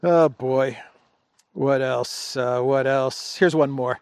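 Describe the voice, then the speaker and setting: Male commentary host, gravelly fry, mid pitch, wry and casual. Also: fairly even intonation, slow, darkish tone, dry recording. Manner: wry, chuckling, loose with restarts. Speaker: host of a political commentary show.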